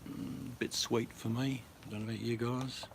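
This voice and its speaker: A man's voice: mid-range voice, little pitch movement, normal speed, creaky, background noise. A middle-aged Australian man vlogging in a blunt, joking, rambling way. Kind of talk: casual to-camera chat.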